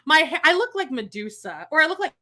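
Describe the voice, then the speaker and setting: Bright animated woman telling a story. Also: high voice, quick pace. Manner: animated, swears a lot, acts out quotes with shrieks. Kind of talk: casual storytelling chat.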